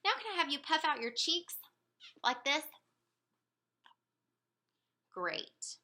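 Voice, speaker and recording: A woman running a motor speech examination, giving calm step-by-step instructions. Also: sits high, normal speed. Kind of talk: clinical motor speech exam.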